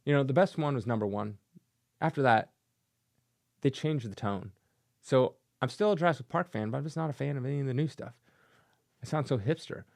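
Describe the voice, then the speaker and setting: Creaky-voiced man ranting sarcastically. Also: medium pitch, a little fast, pauses often. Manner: sarcastic, mocking, acts out silly voices. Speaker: comic collector channel host. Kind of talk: casual opinion rant.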